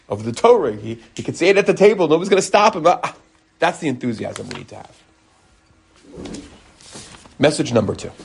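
A man in his forties, a rabbi giving a lively Torah talk, animated and mixing in Hebrew terms. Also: mid-range voice, gravelly, slightly rough. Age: 40s. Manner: animated, acts out quotes, mixes in Hebrew terms.

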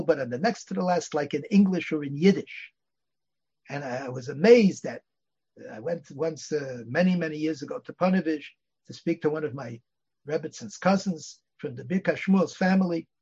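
An older male rabbi lectures in a gravelly, husky voice, pitched a bit above most men. He tells stories and drops Yiddish and Hebrew words into his English. The recording is dull and lo-fi. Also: a little mellow. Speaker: rabbi teaching a class. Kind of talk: Torah lecture with anecdotes.

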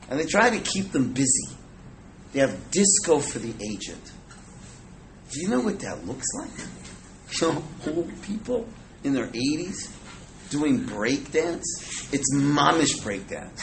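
A man's voice: mid-range voice, a little hiss or hum, poor audio. A man teaching an informal Torah class to a live audience, chatty and joking, dropping Hebrew and Yiddish words. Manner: conversational, jokes with the audience, Hebrew and Yiddish terms.

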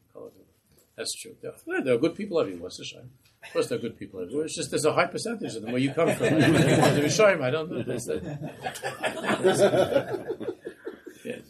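A man's voice: medium pitch, noisy background. A man, a rabbi, teaching a Torah class in a passionate, rhetorical way. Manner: impassioned, rhetorical.

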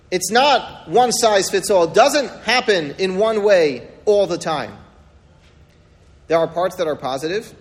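A man's voice: high voice, expressive, normal speed, big-room sound. A man giving a Torah lecture, retelling a story dramatically and asking rhetorical questions. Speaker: rabbi teaching a Torah class.

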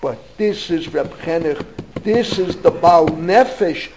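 A man's voice: on the high side, animated, slow pace, creaky, darkish tone, slight background noise, rough recording. An older man from New York, a rabbi teaching a Torah class, wandering into stories and stressing his points with feeling. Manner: digressive storyteller, emphatic.

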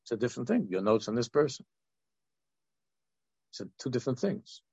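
An older man in his sixties gives an informal Torah talk in a gravelly, husky voice. He rambles and restarts his sentences. The sound is dull and lo-fi, recorded dry. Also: mid-range voice, sing-song, fairly quick, darkish tone, dry recording. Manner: rambling, with many restarts and asides.

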